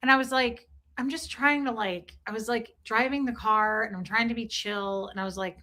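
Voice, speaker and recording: A young adult woman telling a story in casual livestream chat, chatty and animated, greeting viewers as she goes. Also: fairly high pitch, normal speed. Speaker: streamer.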